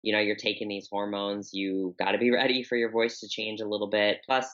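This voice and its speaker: Young woman guest, unusually deep voice, forceful tone, candid and rambling, dull lo-fi audio. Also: little pitch movement, fairly quick. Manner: open, candid, rambling with many fillers. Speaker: podcast guest, bodybuilder. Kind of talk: casual interview talk.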